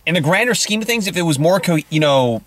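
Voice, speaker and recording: Guy cohost, pitch bounces around a lot, slightly high voice, jokes and laughs. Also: animated, fast talker. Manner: jokey, laughs between points. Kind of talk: casual movie review chat.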